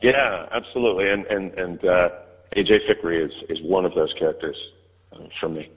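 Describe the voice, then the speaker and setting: An audiobook narrator answers interview questions hesitantly, full of fillers and restarts. His voice is low, slightly rough, and a little quick. The line sounds dull, with long reverb.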